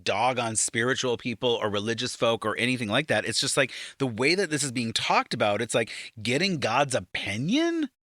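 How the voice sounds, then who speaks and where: A podcast co-host with a lively, swooping delivery and a bright, forceful tone, recapping a reality show in casual chat. This speaker mocks and swears freely and keeps breaking into exaggerated high-pitched impressions. The sound is close and dry. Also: moderate pace, hardly any pauses, no echo. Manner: animated and mocking, swears, slips into shrill impressions.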